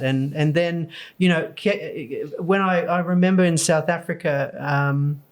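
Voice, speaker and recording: A woman in her sixties with an Australian accent, a podcast guest telling her story with lively acted-out quotes. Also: low voice, a little slow. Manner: animated storyteller, acts out quoted lines.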